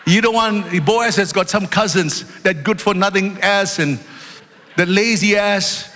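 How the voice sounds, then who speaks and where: A male pastor preaching an emphatic sermon in a church, loud at times and dropping into storytelling asides. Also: unhurried, slight background noise. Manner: emphatic, loud, swings between shouting and low storytelling asides. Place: church sanctuary. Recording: long reverb of a large hall.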